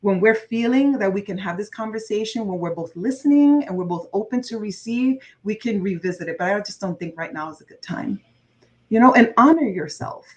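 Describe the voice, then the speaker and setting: Earnest woman coach, mid-pitched voice. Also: brisk, a little mellow, poor audio. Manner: earnest and heartfelt, repeats phrases for emphasis. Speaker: interview guest, lifestyle coach. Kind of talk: conversational interview.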